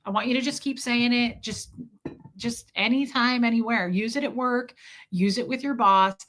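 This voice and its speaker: A young woman hosting a live stream, chatting casually and reading out viewers' names in an animated, chatty way. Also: on the high side, normal speed. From Midwest US. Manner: chatty, animated, reads chat names aloud. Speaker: livestream host.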